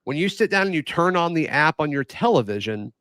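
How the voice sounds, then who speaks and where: A man's voice: on the high side, sing-song, brisk, fairly bright tone, no echo. A man co-hosting a casual sports talk show, teasing his partner in a playful way. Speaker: co-host.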